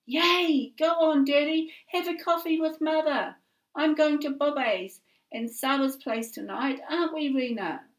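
A woman's voice: high voice, expressive, a little slow, pitched above the performer's own voice. A woman voicing an eager young girl who talks in a chirpy sing-song. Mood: excited.

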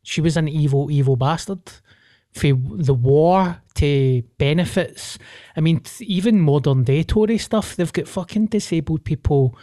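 A man's voice: on the high side, unhurried, dark tone. A man with a Scottish accent chatting bluntly on a casual comedy podcast, swearing freely. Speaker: podcast co-host.

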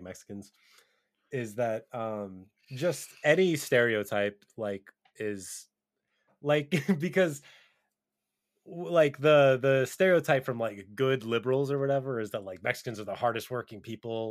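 Rambling man in mid-pitched casual chat. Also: normal speed. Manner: rambling, full of "like" and restarts. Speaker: podcast co-host. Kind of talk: casual podcast banter.

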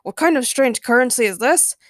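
A breezy, proud pirate captain who insists on his title and brags with good cheer, as a woman reads him. The voice is fairly high and recorded dry and close. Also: animated, fairly quick, fairly bright tone, dry recording.

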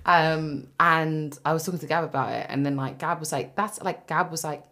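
Low-voiced young woman telling stories. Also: moderate pace. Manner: animated storytelling, swears freely. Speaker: podcast co-host. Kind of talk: casual chat.

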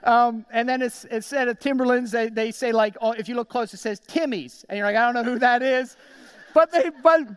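High-voiced pastor, animated sermon. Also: male voice, fairly quick, hardly any pauses, clear, resonant tone, no echo, studio quality. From South Jersey, USA. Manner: animated storytelling, acts out quoted voices.

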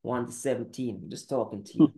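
A man's voice: mid-range voice, quick pace, creaky, mellow. A man preaching a sermon monologue, firing off terse Bible verse citations in a confrontational way. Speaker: podcast preacher. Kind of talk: scripture-citing sermon monologue.

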